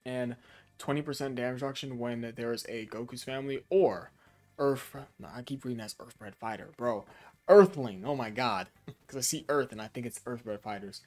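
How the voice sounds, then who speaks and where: A young man casually reviewing a mobile game card, talking in a tired, low-energy way with fillers and self-corrections. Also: fairly even intonation, a little fast, a little mellow. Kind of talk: casual commentary.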